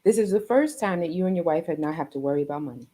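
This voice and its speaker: A woman's voice: deep voice, animated, very fast, mellow. A woman hosting an interview over a video call, earnest and rambling, often tagging her points with "right?". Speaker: host.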